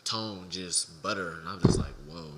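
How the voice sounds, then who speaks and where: A man's voice: low-pitched, steady tone, moderate pace, heavy background noise. A young man co-hosting a podcast, telling stories casually in a laid-back, profane, slangy way. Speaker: podcast co-host. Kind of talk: casual chat, storytelling.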